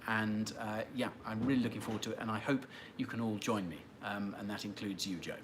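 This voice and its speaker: A man's voice: fairly low pitch, steady tone, brisk, noisy background. A man hosting a casual livestream, answering viewer questions in a rambling, chatty way and teasing regulars. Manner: chatty and rambling, with many fillers and restarts, light teasing of viewers. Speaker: livestream host.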